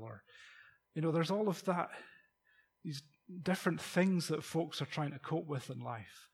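Husky-voiced preacher. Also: male voice, fairly high pitch, expressive, a little slow, pauses often. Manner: conversational, rhetorical questions, chuckles. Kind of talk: sermon.

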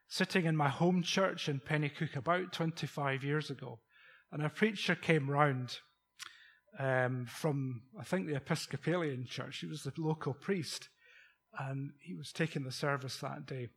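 A middle-aged man delivers a sermon, his fairly high voice carrying a husky, breathy edge. He talks informally and keeps asking the congregation questions. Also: unhurried, a bit bright. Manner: conversational, rhetorical questions, chuckles. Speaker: preacher.

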